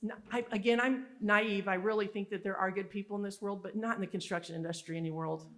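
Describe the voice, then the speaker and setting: A woman giving a motivational conference speech, telling stories in an animated, emphatic and candid way. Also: mid-range voice, fast talker. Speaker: summit speaker. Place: live conference event.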